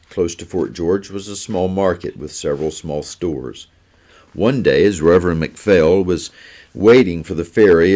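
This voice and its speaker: A pastor reads a children's story aloud in an unhurried, steady way. His voice is very deep, with a dark and mellow tone. The reading stays even and clear for young listeners.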